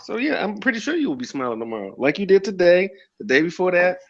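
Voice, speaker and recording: A man's voice: high voice, very animated, fast, muffled recording. A man in a heated online voice chat who mocks and insults the other speaker with sarcasm. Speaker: debate participant.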